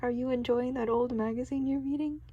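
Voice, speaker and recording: A woman's voice: sits high, steady tone, brisk, breathy edge, highs cut off. SpongeBob, a sick cheerful sponge, read by a woman. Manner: read plainly without a character voice. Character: cheerful young male sea sponge, sick and puffy. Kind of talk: storybook read-aloud.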